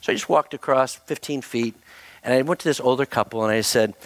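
A man's voice: mid-range voice, fairly quick, dry recording. A middle-aged man preaching as a pastor, telling a funny personal story with self-mocking asides before leading into prayer. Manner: animated, self-mocking anecdote with laughs. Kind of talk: storytelling sermon.

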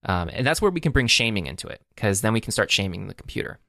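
A man's voice: on the low side, big pitch swings, fast, creaky, sharp tone, no room sound. A man co-hosting a podcast, chatting casually about tech, rambling with many fillers and restarts. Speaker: podcast co-host.

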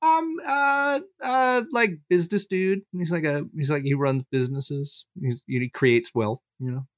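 A man's voice: a little high, a little slow, dry recording, clean studio sound. A man in a tabletop game session, casually describing his character with lots of hesitant fillers and restarts. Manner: rambling, hesitant, heavy fillers.

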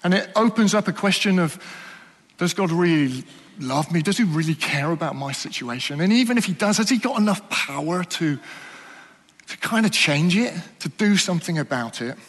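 Male preacher, high voice, earnest, asks the room questions, long hall reverb. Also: lively intonation. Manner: earnest, questioning, drops to soft slow emphasis. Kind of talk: sermon.

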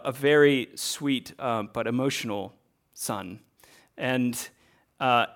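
A man in his thirties giving a sermon as a pastor, earnest and conversational, asking rhetorical questions. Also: mid-range voice.

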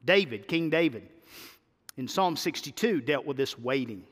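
A man's voice: mid-range voice, expressive, normal speed, a bit bright, big-room sound. A middle-aged man preaching a sermon as pastor, with repetition and swelling emphasis.

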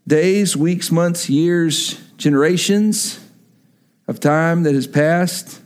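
A middle-aged man preaching a sermon as pastor, telling a story and then dropping into earnest, hushed emphasis. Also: on the high side.

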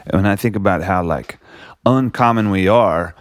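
Deep-voiced man musing on gratitude. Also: moderate pace, no echo, clean studio sound. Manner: reflective, rambling, many likes and you knows. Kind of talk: casual conversation.

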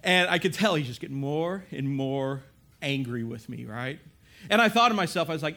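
A man preaching in an animated, confessional storytelling way, often checking in with his listeners. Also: on the high side, normal speed, creaky. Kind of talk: storytelling sermon.

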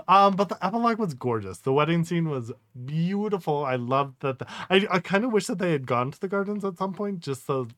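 A man's voice: on the high side, lively intonation, moderate pace, a bit bright, dry recording, clean studio sound. A man co-hosting a casual book-club podcast, speaking hesitantly with many ums and likes and laughing easily. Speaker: podcast co-host.

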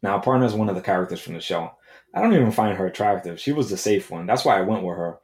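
A man's voice: deep voice, animated, fast, a little mellow, echoey room. A man hosting a podcast, telling a comedic story in a brash, profane rant. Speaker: podcast host. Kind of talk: comedic monologue.

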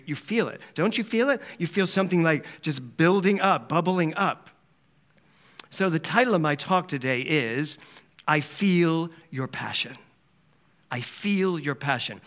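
A man's voice: a little high, fairly bright tone. A man from Philadelphia giving a Sunday sermon in a chatty, storytelling way, often laughing. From Philadelphia, USA. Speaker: minister giving a Sunday talk. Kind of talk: conversational sermon. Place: church service hall.

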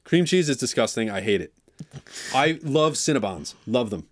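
A man's voice: mid-range voice, lively intonation, normal speed, no room sound, clean studio sound. A man co-hosting a casual chat show, joking and rambling with mock outrage. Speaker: podcast co-host.

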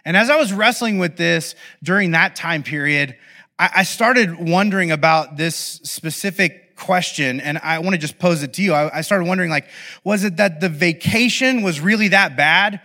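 A man's voice: fairly high pitch, normal speed. A man in his thirties preaching a sermon as a personal story, casual with many fillers, acting out his own lines with big swings. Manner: animated, acts out his own shouting in stories. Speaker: pastor.

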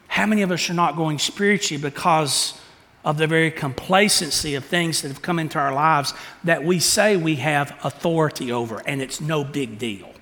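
A man preaching a sermon, asking the congregation rhetorical questions and acting out quotes with animated delivery. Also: on the high side, in a large hall. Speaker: pastor.

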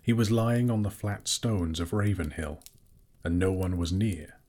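A man narrating a fantasy audiobook in a measured, steady storytelling manner. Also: low-pitched.

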